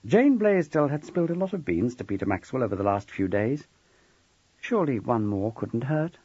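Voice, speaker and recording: A man reads a novel aloud with a husky voice and a lively, rising and falling delivery. The recording is dull and dry, with no room sound. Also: medium pitch, moderate pace, no room sound. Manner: expressive storytelling. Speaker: audiobook narrator. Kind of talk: scripted narration.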